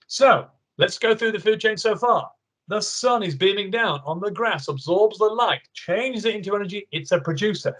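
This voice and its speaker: A man teaching a live online lesson to children, telling the story with animated storytelling. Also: fairly high pitch.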